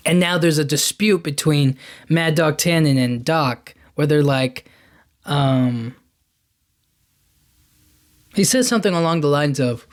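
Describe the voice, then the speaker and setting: Rambling man recapping a movie. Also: fairly high pitch. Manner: rambling, enthusiastic retelling with quick quoted lines. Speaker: podcast host.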